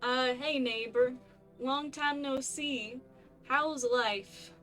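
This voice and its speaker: A friendly, folksy neighbor man from a video game, played by a woman, in a put-on accent that is almost Boston but not quite. He talks in a loud, chummy way, and the voice sits a little high. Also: drawn-out words, soft background music, heavily acted. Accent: vague put-on Boston-like accent. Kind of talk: game voice acting.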